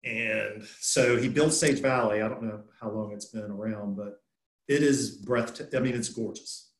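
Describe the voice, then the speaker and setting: A man's voice: on the low side, moderate pace. A man, a golfer, answering an interview question in an easygoing, casual way. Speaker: guest, golfer. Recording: echoey room.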